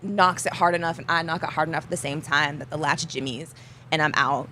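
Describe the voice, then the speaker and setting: A young woman, an athlete guest, telling a story in a casual interview. She is animated, acts out the dialogue and laughs often. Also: sits low, fairly quick, slight background noise.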